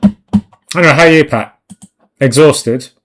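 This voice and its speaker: A man's voice: on the high side, unhurried, fairly bright tone, faint music behind. A man chatting casually and swearing while he paints on a live stream, rambling and self-mocking. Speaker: digital art streamer.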